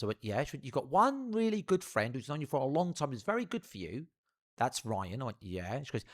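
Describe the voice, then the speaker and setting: A man's voice: medium pitch, a little fast. Profane young man telling a story. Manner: profane, rambling, animated storyteller. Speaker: streamer. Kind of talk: casual storytelling on a live stream.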